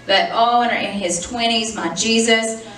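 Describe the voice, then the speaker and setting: A woman's voice: fairly high pitch, fairly even intonation, a little slow, fairly bright tone. A middle-aged woman, telling stories and teaching in a chatty sermon style, often laughing. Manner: chatty, storytelling, laughs often, addresses the congregation as y'all. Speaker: pastor's wife teaching on marriage. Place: church hall. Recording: echoey hall, distant mic.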